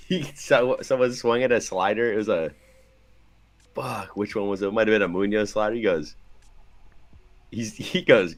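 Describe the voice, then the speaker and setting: A man with a fairly low voice chats on a sports podcast. He tells stories in a loose, rambling way, laughing often and acting out what other people said. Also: moderate pace. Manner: laughing, loose storytelling with mimicked quotes and swearing. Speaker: podcast co-host. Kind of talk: casual chat.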